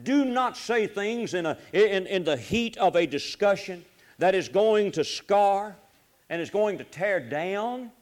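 A man preaching a folksy sermon, swinging between loud urging and low, quiet asides. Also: lively intonation, unhurried. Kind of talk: sermon on marriage.

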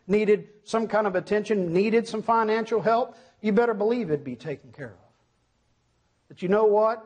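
This middle-aged preacher has a high, husky, slightly mellow voice. Delivering his sermon emphatically, he keeps firing questions at the congregation and then answering them himself.

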